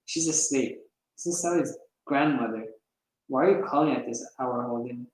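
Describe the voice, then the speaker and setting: A man's voice: mid-range voice, normal speed, darkish tone, close to an everyday voice. A man doing an older woman's voice, a stern grandmother who speaks coldly and scolds. The sound rings out in a very echoey room. It reads like a storybook scene. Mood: cold scolding. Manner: cold and scolding.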